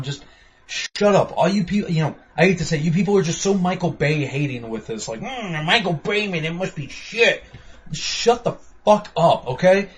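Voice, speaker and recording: A young man giving a casual, blunt movie review podcast, rambling with lots of fillers and swearing. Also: mid-range voice.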